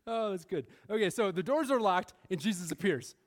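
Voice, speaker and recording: A man's voice: high voice, animated, brisk. A man preaching a sermon in a church, laughing often and briefly acting out the voices of the people in his story. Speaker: pastor. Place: church sanctuary.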